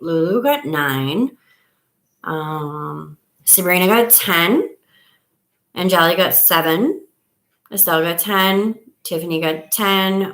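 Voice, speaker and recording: A middle-aged woman with a lowish, slightly bright voice runs a casual live stream at home, recorded through a device camera resting on a table. She's chatty and meandering, drifting off mid-sentence as she counts.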